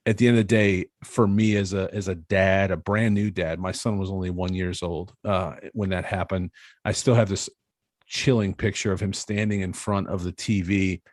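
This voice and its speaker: A man's voice: low-pitched, steady tone, normal speed, no echo, clean studio sound. A man in his thirties hosting a podcast interview, talking in an earnest, rambling way and hedging his words. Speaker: podcast host. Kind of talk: casual interview chat.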